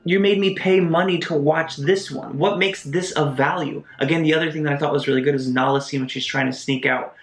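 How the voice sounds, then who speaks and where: Gravelly man reviewing in an echoey room. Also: fairly high pitch. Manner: animated, quick asides and mock voices. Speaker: movie reviewer. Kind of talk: casual video essay review. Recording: roomy echo, faint music behind.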